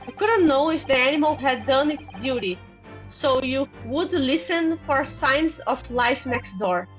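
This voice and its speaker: A woman's voice: high voice, animated, a little slow, soft background music, poor audio. A woman voicing a boastful, grandiose male detective as she reads game dialogue aloud. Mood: declaiming. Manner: grandiose, theatrical.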